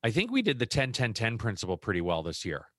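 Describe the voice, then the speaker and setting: Middle-aged male podcast co-host, low voice, dry close mic, reflective and easygoing. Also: huge pitch swings, quick pace, a bit bright, no room sound. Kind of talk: casual chat.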